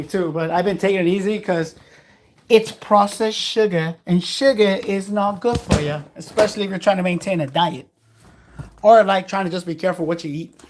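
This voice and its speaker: Against a noisy background, a man with a high-sitting voice gives a casual livestream pep talk. The vlogger is making food in his home kitchen and dishing out preachy, profane, blunt advice about life.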